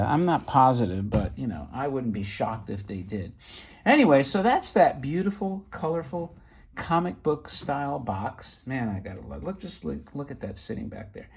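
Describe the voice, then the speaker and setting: A middle-aged man talks through his toy collection in a loose, excitable ramble, full of asides. His voice is slightly husky. His pitch swings widely as he gets worked up. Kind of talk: casual show-and-tell.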